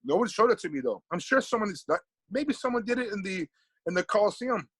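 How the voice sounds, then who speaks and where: A man's voice: high voice, lively intonation, fast talker, fairly bright tone, slightly rough, dry recording, rough recording. A middle-aged man from Panama, a guest in a casual podcast interview, talking animatedly and often repeating words as he thinks.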